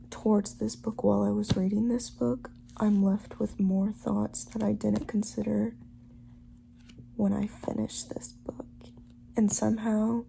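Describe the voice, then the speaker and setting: A woman book vlogger talking casually to camera, emotional and often dropping to a hushed whisper. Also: medium pitch, creaky, a little hiss or hum, poor audio. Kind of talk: casual vlog talk to camera. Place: in a car, then at home late.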